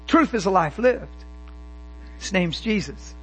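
A man preaching a sermon with fervent emphasis and quick rhetorical questions. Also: sits high, animated, slight background noise, poor audio.

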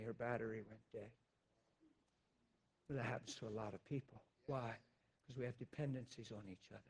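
A male pastor preaching a sermon, swinging between loud shouting and quiet, blunt confession. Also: medium pitch, breathy edge.

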